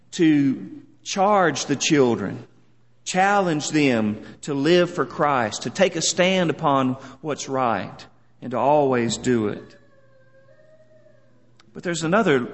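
A man preaching a sermon in an earnest, measured way, leaning on words for solemn emphasis. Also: a little high, big-room sound.

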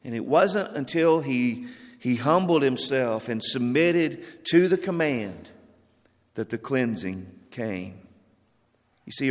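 Man preaching in a reverberant hall. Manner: reads scripture aloud with rising emphasis, then drops low. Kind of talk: sermon.

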